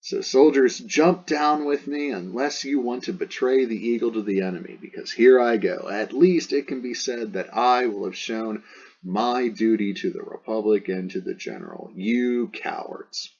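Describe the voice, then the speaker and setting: A defiant Roman eagle-bearer with a low, husky voice, read out by a man, rousing hesitant troops and scornful of their fear. The recording is dull and lo-fi. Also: expressive, normal speed, exaggerated voice.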